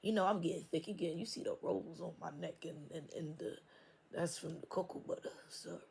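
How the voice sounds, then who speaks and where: A low-voiced woman reads tarot in a loose, casual flow, speaking. She is blunt, swears freely and laughs often. A faint hiss sits behind her voice. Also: a little fast, vocal fry, a little mellow. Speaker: tarot reader. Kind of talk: casual spiritual reading, profane and playful.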